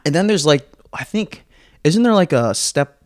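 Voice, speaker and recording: Laid-back young guy on a podcast, jokey, swears some, bouncy pitch. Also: big pitch swings, moderate pace, a little mellow. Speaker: podcast co-host. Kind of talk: casual chat.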